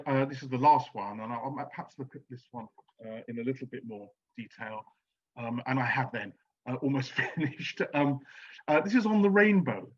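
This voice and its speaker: A man's voice: medium pitch, lo-fi sound. Hesitant man giving a lecture. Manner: hesitant, many ums and restarts. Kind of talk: academic lecture on poetry.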